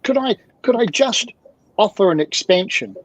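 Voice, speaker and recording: A man speaking as a guest mentor in an interview, animated and fond of repeated rhetorical questions, heard through dull lo-fi audio. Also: sits high, moderate pace, no echo. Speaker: guest, emotional communication mentor. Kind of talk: video-call interview talk.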